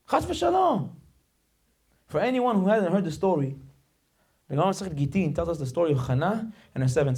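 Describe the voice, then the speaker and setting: High-pitched emphatic male rabbi preaching. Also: a little mellow, slightly rough. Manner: emphatic, dramatic storytelling; acts out quoted voices. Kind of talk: sermon.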